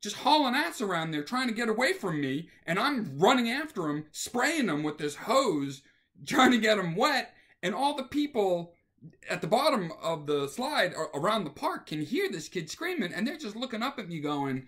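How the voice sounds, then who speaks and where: A man tells a funny anecdote in a casual, animated way, slipping into voices for the people in it. His voice sits slightly high and swings through a wide range. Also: normal speed. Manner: animated, acts out scenes with voices. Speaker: storyteller.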